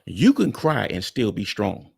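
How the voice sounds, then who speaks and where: A man's voice: on the low side, huge pitch swings, measured pace, vocal fry, darkish tone, husky, no room sound, studio quality. A man hosting a reaction video, talking bluntly and frankly to his viewers in casual commentary.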